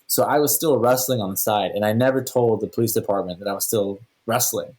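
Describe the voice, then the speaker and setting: A man who is a podcast guest, telling stories in a casual, animated way and acting out the dialogue. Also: on the low side, fairly quick. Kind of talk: casual storytelling.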